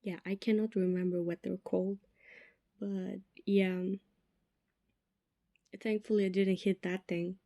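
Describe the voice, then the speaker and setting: Slow, mellow-voiced young woman podcasting. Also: medium pitch, level tone, no room sound, clean studio sound. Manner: chatty and self-mocking, drops to whispered asides. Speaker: podcast host. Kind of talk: casual solo podcast chat.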